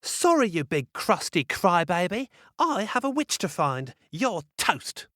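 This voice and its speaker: A man's voice: sits high, huge pitch swings, normal speed, dry recording, studio quality, voice pushed up, full character voice. A man doing a bratty, jealous mean girl. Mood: sneering. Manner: sneering and bratty. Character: mean, bad-tempered jealous girl, greedy and rude.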